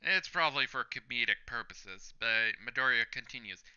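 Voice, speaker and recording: Man, reaction host, reading manga aloud, bright tone, dull lo-fi sound. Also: medium pitch, animated, normal speed, clear, resonant tone. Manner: narrates panel by panel, reading lines out loud.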